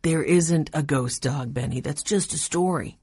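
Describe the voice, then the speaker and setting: A sensible older brother who speaks calmly and reassuringly to his sibling in a storybook, as a woman narrator reads him. The voice sits low with a husky edge. The recording is close and dry. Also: measured pace, no echo, heavily acted. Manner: calm and reassuring.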